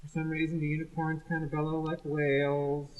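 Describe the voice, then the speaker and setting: A man's voice: a little high, monotone, a little fast, a little mellow, lo-fi sound. A man co-hosting a casual podcast, rambling through jokey film comments with lots of fillers. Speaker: podcast co-host.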